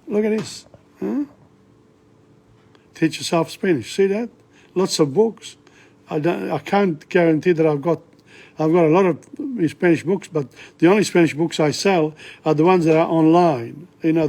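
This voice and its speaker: A man's voice: on the high side, a little mellow. An older man giving a casual, rambling language lesson at home, often correcting himself as he goes. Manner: rambling, self-correcting, slow and chatty. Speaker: language teacher.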